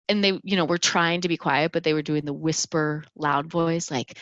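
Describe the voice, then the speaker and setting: A woman's voice: low voice, fairly even intonation, brisk, few pauses, fairly bright tone, no echo. A woman in her thirties from Minnesota hosting a podcast, talking earnestly with many fillers and restarts. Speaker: podcast host. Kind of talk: reflective solo podcast talk.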